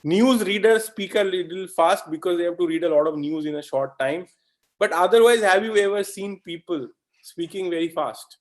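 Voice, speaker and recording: An Indian webinar instructor leads a live online lesson in a slightly raised pitch. His style is conversational, dotted with "okay?" and direct questions to the audience, and he occasionally imitates fast talkers for effect.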